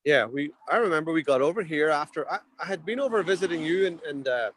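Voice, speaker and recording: A man's voice: on the high side, animated, quick pace, fairly bright tone, a little hiss or hum. A man, a hotel owner in the Alps, chatting as a guest on a video call, rambling and correcting himself as he tells his story. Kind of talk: casual video chat.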